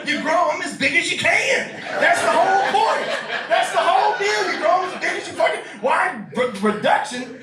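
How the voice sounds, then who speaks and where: High-voiced rowdy stand-up comic in a roomy club. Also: male voice, normal speed. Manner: loud, rowdy storytelling with profanity. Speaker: stand-up comedian. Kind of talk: stand-up comedy set. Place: small listening room with a live audience. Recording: roomy, distant live-room recording with crowd laughter.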